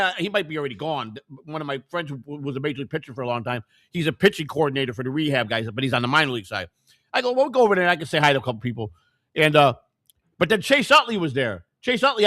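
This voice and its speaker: A man's voice: on the high side, a bit bright, no echo, studio quality. An older American man telling long rambling stories in casual chat, full of restarts and quoted dialogue. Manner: rambling storyteller, many restarts. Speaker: co-host.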